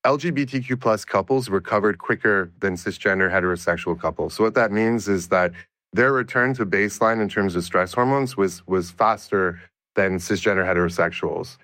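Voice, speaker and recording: A male researcher answers interview questions in a measured, explanatory way, often restarting his sentences. His voice sits low and the recording is dry and close, with no room around it. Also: a bit bright, dry recording. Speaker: researcher guest.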